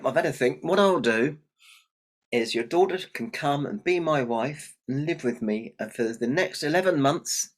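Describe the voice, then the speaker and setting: A man voicing a pompous, bossy king in a spoken folk tale, talking loud and hearty. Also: mid-range voice, natural voice.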